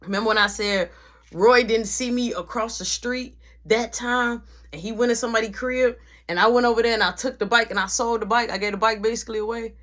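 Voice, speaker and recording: A young woman telling a casual storytime, animated and slangy, acting out the dialogue. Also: a little high, a little fast.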